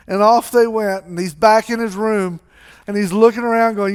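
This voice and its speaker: High, clear-voiced storytelling pastor. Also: male voice, fairly even intonation, moderate pace. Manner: storytelling, conversational, acts out characters. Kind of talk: sermon.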